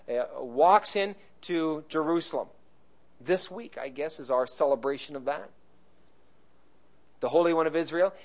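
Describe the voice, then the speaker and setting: Pastor guy preaching in church, kinda high voice, chatty then punchy, dull lo-fi sound. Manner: conversational preaching, swells in emphasis. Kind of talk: sermon. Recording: muffled lo-fi recording.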